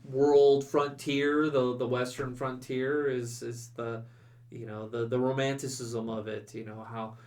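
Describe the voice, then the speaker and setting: A man's voice: mid-range voice, flat delivery, measured pace, darkish tone. A man co-hosting a podcast in casual chat, rambling with many restarts and "you know"s. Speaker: podcast co-host.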